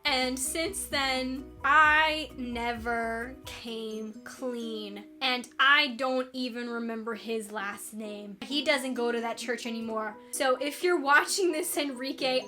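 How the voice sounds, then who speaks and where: Twenties woman vlogger, high bright voice, dramatic confessional storyteller who laughs a lot. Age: 20s. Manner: animated, dramatic, laughing often.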